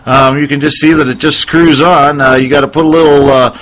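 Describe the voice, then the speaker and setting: A male webcast host with a slightly higher-than-usual voice. He chats casually and tells an animated, rambling story while walking through a repair. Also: a little fast, rough recording. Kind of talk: casual how-to chat and storytelling.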